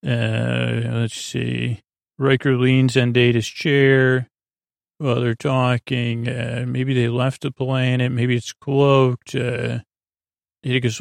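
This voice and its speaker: A man's voice: medium pitch, level tone, slow, gravelly, dry recording, studio quality. A man hosting a podcast, rambling through a loose, casual retelling of a TV episode and paraphrasing the characters' lines. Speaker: podcast host.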